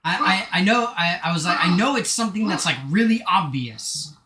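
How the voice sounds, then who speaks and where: A man's voice: high-pitched, expressive, normal speed, echoey room, noisy background. A man live-streaming a video game, chatting casually in a rambling, self-deprecating way with joking asides. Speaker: gaming streamer.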